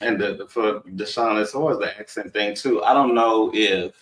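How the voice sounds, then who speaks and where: A man's voice: lowish voice, moderate pace, a bit bright, echoey room, recorded from a distance, rough recording. A man from Texas with a Southern accent, chatting casually and rambling as co-host of a live discussion. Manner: rambling, conversational, laughs often.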